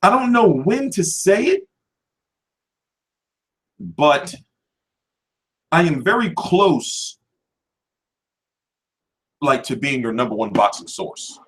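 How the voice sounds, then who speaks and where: A brash male host rants about boxing coverage, swearing freely. His voice sits a little high and swings widely up and down as he talks. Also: takes it slowly, long pauses. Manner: brash and animated, swears constantly. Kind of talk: profane rant to camera.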